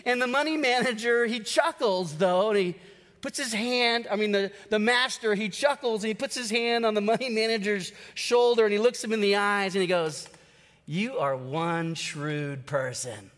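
A male pastor preaching a sermon, telling a parable with animated storytelling and acting out the characters. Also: high voice, normal speed. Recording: long hall reverb.

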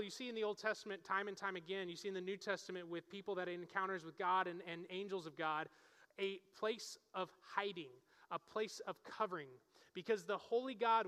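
A middle-aged man preaching a sermon in a relaxed, conversational way, often checking in with his listeners. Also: sits high, smooth. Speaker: pastor. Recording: long reverb of a large hall.

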